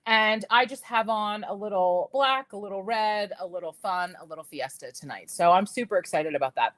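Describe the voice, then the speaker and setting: A woman in her fifties hosting a live jewelry sales stream, telling stories in a lively, laughing way and talking straight to her viewers. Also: mid-range voice, normal speed, no echo. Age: 50s. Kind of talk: chatty live-stream storytelling.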